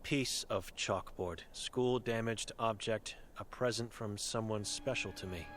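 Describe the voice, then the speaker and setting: A voice actor with a medium-pitched, natural voice plays a blind, mute old hermit woman in a video game. She speaks a little slowly in terse, broken, solemn sentences with a grim mood, over game music and a noisy background.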